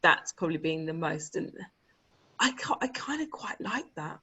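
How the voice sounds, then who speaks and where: A woman, a guest telling lively anecdotes in a casual interview chat. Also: low-pitched, moderate pace, breathy edge, low-quality recording. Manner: animated, laughing, chatty anecdotes. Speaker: guest, author and publisher. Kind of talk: casual conversational storytelling.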